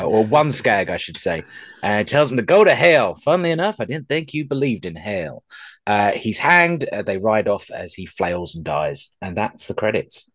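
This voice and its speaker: A man's voice: fairly low pitch, no echo. A young man hosting a casual podcast, rambling with many ums and restarts, self-deprecating. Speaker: podcast host.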